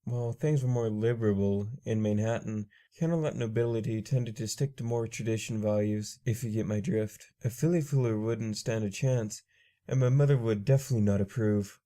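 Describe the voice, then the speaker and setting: A man's voice: on the low side, normal speed, dark tone. A man narrating a fan fiction story in the first person, reading steadily.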